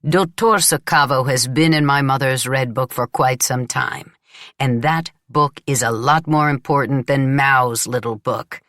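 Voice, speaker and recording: A woman's voice: a bass voice, slow, no echo, studio quality, full character voice. A woman voicing an arrogant, crude male businessman who boasts and threatens in an audiobook. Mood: threatening. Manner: boastful, contemptuous, menacing. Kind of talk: audiobook character voice.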